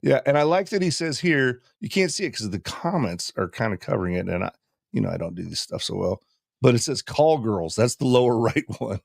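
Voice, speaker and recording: A man's voice: mid-range voice, very animated, a little fast, gravelly, dry recording. Radio guy cracking jokes, laughs a lot, mid voice, dry studio sound. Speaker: radio host. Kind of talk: casual chat.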